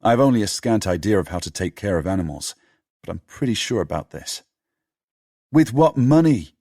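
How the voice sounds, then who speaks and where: A man narrating an audiobook in a steady, measured storytelling manner. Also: deep voice, husky, no room sound, studio quality.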